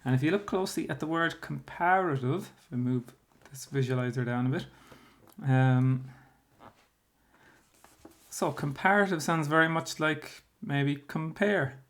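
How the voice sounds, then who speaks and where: Patient teacher explaining spelling. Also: male voice, fairly high pitch, unhurried. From Ireland. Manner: patient and explanatory, with frequent fillers. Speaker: primary school teacher. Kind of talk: recorded spelling lesson explaining a workbook.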